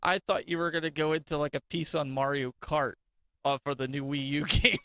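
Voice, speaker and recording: Male co-host, bright tense tone, higher voice, chatty and laughing, dry close sound. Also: fairly even intonation, brisk, clean tone, no echo. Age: adult father of two. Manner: chatty, laughs easily, storytelling. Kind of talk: casual podcast chat.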